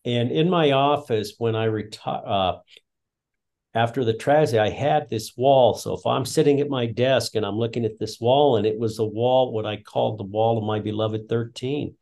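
A man's voice: mid-range voice, moderate pace, gravelly, a little mellow. An older man, a retired school principal, telling long, earnest stories as a guest in an interview. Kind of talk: reflective interview storytelling.

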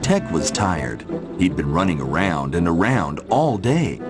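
A man narrating a children's storybook in an expressive, animated way. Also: sits low, a little slow. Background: background music.

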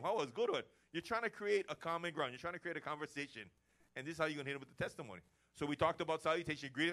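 A man preaching a lively sermon to his church, acting out everyday chats as he goes. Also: fairly high pitch, racing. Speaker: pastor. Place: church service.

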